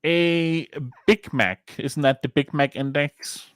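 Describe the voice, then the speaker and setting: A man's voice: fairly high pitch, slow, clean tone, dry recording. Man, Danish accent, podcast co-host, casual rambling chat, swears freely, dry close sound.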